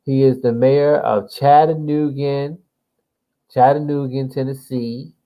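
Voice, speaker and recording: Man from New Jersey, young adult, casual gameplay commentary, rambling, swearing, mellow dark tone. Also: mid-range voice, fairly even intonation, slow. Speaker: gamer playing a political simulation.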